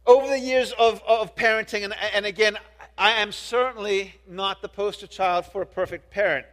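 A man's voice: high voice, steady tone, normal speed, a bit bright. A middle-aged man preaching a sermon as a pastor, earnest, often restarting words and turning to the congregation with questions. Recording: long reverb of a large hall.

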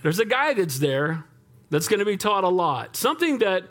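A male pastor preaching a sermon in a lively, conversational way, often asking the congregation for an amen. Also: high-pitched, normal speed.

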